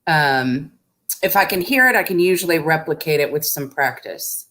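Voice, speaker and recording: A woman's voice: low voice, animated, normal speed, a bit bright. A middle-aged woman, an actor guest in a casual interview, talking with dry, wry humor.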